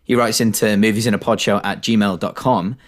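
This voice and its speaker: Podcast co-host: young British man, lowish voice, casual, rambling, self-deprecating. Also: steady tone, fairly quick. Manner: chatty, self-deprecating storytelling. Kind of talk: casual chat.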